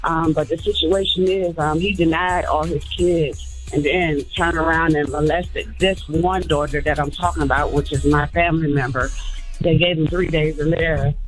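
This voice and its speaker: A woman calling in to a radio show, talking haltingly with many fillers. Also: deep voice, steady tone, soft background music, low-quality recording. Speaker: caller. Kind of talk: phone-in call.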